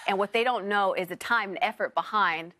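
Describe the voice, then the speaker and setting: A woman's voice: mid-range voice, fairly quick. A woman in her thirties, an actor and author, telling heartfelt stories as a guest on a morning TV show in a studio. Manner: warm storytelling, heartfelt.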